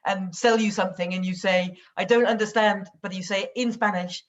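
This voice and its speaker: A woman's voice: mid-range voice, steady tone, brisk. A woman in an online seminar, telling an amused anecdote, heard over slightly dull video-call audio. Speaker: seminar participant.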